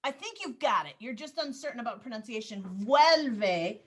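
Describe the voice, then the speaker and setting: A woman teaching a Spanish class over a video call, explaining grammar rules patiently step by step and gently calling on students. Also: a little high, big pitch swings, quick pace, slightly rough. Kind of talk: online class instruction.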